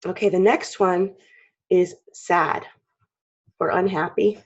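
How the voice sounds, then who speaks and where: Casting: low, husky woman teacher, frog in her throat, chatty and clearing her throat; dull lo-fi recording. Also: drawn-out words, a little mellow. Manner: chatty, clears throat often, acts out expressions. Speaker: drawing teacher. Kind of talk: casual drawing tutorial.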